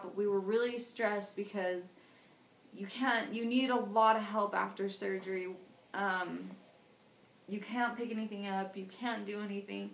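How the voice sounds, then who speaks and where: In a reverberant, poor-quality recording, a woman in her twenties with a medium-pitched voice tells of her own surgery in a video diary. Her account is frank and emotional, wandering with many false starts.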